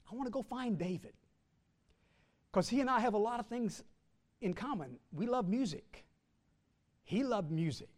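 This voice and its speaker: A male pastor preaching a sermon, calling out questions for the congregation to answer and slowly drawing out key words. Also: high voice, a little mellow.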